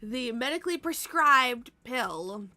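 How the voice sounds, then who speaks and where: An American woman streamer chats casually with viewers, greeting them by name, sounding tired and laughing often. Her voice is on the high side, animated, slow, pushed and bright, in a dry recording.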